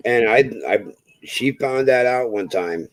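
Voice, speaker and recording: Man, casual chat, swears a lot, dry unechoing voice, average pitch. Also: a little slow, dry recording, poor audio. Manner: laid-back storyteller, swears freely. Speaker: homestead channel host.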